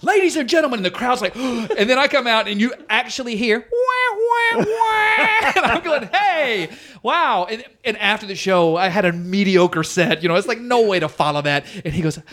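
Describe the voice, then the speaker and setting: A man with a notably high voice telling a comedy road story on a podcast. He laughs often and drops quick asides into the chat. His telling is loose and relaxed. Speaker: stand-up comedian, podcast guest.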